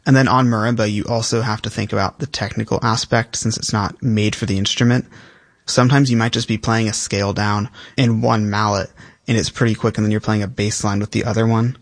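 Teenage boy with a dry, low voice. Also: a little fast, dry recording. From South Carolina, US. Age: teens. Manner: relaxed, thoughtful, uses many fillers. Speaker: young percussionist guest. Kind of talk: interview answers.

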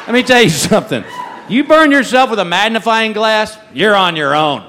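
A man's voice: sits high, animated, moderate pace, sharp tone. A middle-aged man doing stand-up comedy, telling folksy, self-mocking stories about his own mishaps. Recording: live show with audible audience noise.

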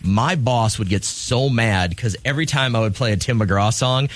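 A man's voice: mid-range voice, moderate pace. Upbeat man hosting a radio contest. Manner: upbeat, jokey, running a call-in trivia game. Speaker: radio morning show host.

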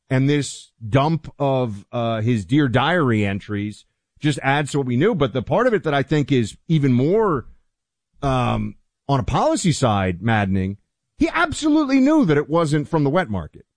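A man's voice: mid-range voice, sing-song, moderate pace, dry recording. Indignant talk-show man, dry close mic. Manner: indignant, rising to shouts. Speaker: co-host. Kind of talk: political talk radio commentary.

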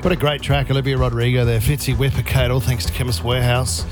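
A man hosting a radio show, casual and teasing with quick quips. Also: medium pitch, flat delivery, over music. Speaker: radio host.

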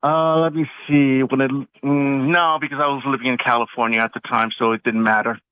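A man's voice: mid-range voice, little pitch movement, fairly quick, no echo. A man calling in to a radio show, defiant and insulting toward the host. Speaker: caller. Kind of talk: phone-in argument. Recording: tinny phone line.

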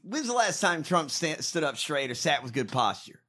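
A man co-hosting a comedy podcast, talking in a loud, profane, ranting way. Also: a little high, sing-song, normal speed. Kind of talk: casual profane comedic chat.

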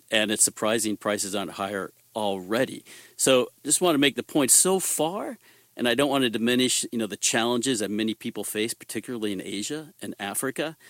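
A man's voice: on the low side, a bit bright, no echo. A man answering interview questions as an energy market analyst, explaining in a conversational, emphatic way.

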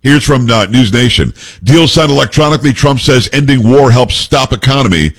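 A man's voice: mid-range voice, brisk. A man hosting a talk radio show, reading news reports aloud and giving blunt, opinionated commentary.

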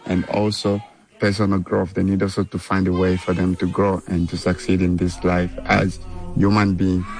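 A man's voice: deep voice, low-quality recording. A man working as a community yoga teacher, talking earnestly in short, simple phrases in a documentary interview.

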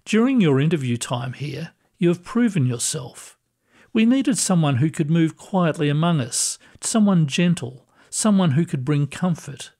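A man voicing a kindly ghostly librarian who speaks gently and reassuringly, with quiet amusement. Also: fairly high pitch, lively intonation, a little slow. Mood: gentle.

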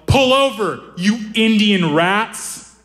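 A man's voice: sits high, very animated, fairly quick, reverberant, in a large hall, a little hiss or hum, pitched above the performer's own voice, full character voice. Give me a man playing an angry, aggressive guy barking threats. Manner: yelling, hostile. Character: furious, aggressive grown man.

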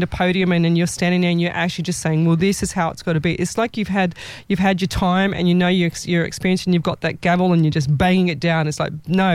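A woman's voice: fairly low pitch, darkish tone, no room sound. A woman working as a psychic medium, giving a live reading on a show in a rambling, self-correcting way and laughing often.

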